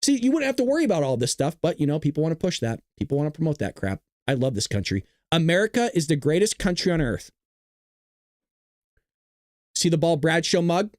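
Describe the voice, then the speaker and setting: Speaking briskly in a fairly high voice, this livestream news host runs a political commentary show, mixing excited play-by-play and jokes with combative shots at his chat. The close-miked audio is dry and dead, without any room echo.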